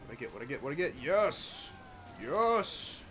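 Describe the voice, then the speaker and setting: A man hosting a live racing game stream, chatty and excitable, talking to chat and to his cat at home. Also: racing, faint music behind. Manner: excitable, chatty, bursts into high-pitched baby talk with his cat. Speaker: livestream host. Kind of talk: live gameplay commentary.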